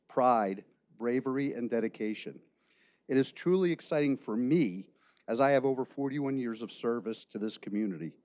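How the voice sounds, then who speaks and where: A man in his sixties, a police chief, giving a formal prepared speech at a council meeting in a measured, ceremonial way with deliberate pauses. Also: medium pitch, darkish tone, no room sound.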